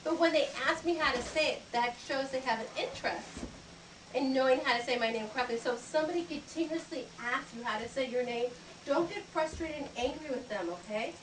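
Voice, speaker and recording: High-voiced woman teaching kids manners. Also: brisk. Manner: upbeat teacherly, acts out greetings and handshakes. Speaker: etiquette instructor. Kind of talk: teaching manners to a group of children. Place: library program room. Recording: echoey room, distant mic, background noise.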